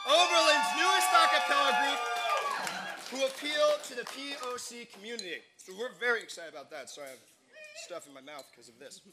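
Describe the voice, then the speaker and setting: A man's voice: high-pitched, very noisy. A young man hosting a live campus talk show, chatty and laughing often. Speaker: host. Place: campus stage with live audience.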